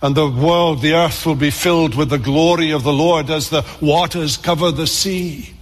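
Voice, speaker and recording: A man's voice: fairly high pitch, fairly even intonation, normal speed. A man preaching a sermon to a congregation, earnest and repetitive, often restarting his words. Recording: long reverb of a large hall.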